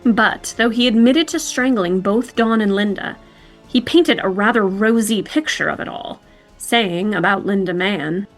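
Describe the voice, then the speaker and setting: A woman's voice: mid-range voice, measured pace, faint music behind. A woman hosting a true-crime podcast, narrating in a dramatic, punchy way. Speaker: podcast host.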